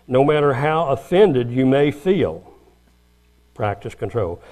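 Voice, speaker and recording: Older man, preacher, folksy sermon, acts out quoted dialogue, middle pitch. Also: a little mellow.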